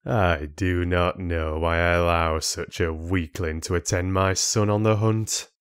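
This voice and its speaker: A man's voice: low-pitched, fairly even intonation, measured pace. A man voicing a harsh, greying father who is cruel and scornful toward his son. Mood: contemptuous. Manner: gruff and scornful.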